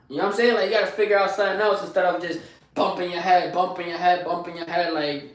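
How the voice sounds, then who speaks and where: A young man with a high voice preaches motivation on a livestream, circling back to the same points in street slang. He sits a little back from the mic in an echoey room. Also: steady tone, fast, distant mic, a little hiss or hum. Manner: preachy, repetitive, street slang, asks "you heard?". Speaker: live streamer giving morning motivation. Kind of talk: casual motivational livestream talk.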